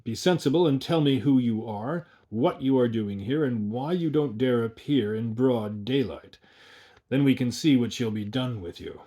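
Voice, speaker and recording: A man's voice: mid-range voice, moderate pace, dark tone, natural voice. A man voicing a bossy, blustering middle-aged village mayor with a coarse voice. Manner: blustering, commanding.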